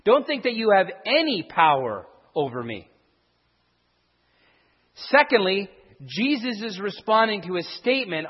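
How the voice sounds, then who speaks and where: Husky man teaching in an echoing hall. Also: high voice, very animated, unhurried, pauses often. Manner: explanatory, with frequent restarts and emphatic stresses. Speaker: Bible teacher. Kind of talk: verse-by-verse Bible teaching. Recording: dull sound with a long hall echo.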